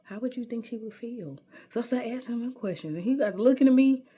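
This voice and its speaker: A woman's voice: fairly high pitch, animated, brisk, dark tone, husky. A middle-aged woman telling a personal story in a sassy, emphatic way, often calling the listener baby.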